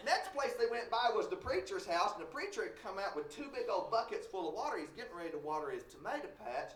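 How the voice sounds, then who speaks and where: Folksy storyteller in a hall. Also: male voice, high-pitched, sing-song, fast talker, a bit bright, a little hiss or hum. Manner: folksy, joking asides to audience. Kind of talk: live folk storytelling. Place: conference hall. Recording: roomy hall, distant mic.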